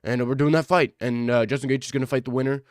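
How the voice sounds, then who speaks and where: A man streaming in casual chat, reacting to viewers, excitable and profane, often repeating himself. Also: medium pitch, quick pace, no echo, clean studio sound.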